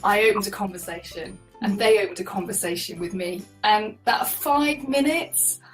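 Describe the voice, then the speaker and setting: A chatty woman shares her stories as an interview guest, lively and quick to laugh. She sits a little back from the mic, and faint music plays underneath. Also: medium pitch, far from the mic, poor audio. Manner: chatty, animated, laughs often. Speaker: guest, solo cyclist. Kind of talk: conversational interview storytelling.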